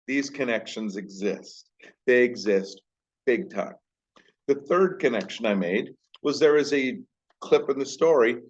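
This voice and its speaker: A man who teaches high school, talking casually to camera in a rambling, self-deprecating way. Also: lively intonation, measured pace, highs cut off. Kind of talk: casual vlog talk.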